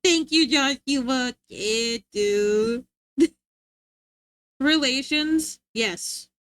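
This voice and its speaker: A woman's voice: lively intonation, normal speed, a bit bright. A woman livestreaming and chatting with her viewers in a playful, rambling way, tripping over her words and restarting sentences. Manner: high sing-song voice when scolding her dog. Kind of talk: casual stream chat.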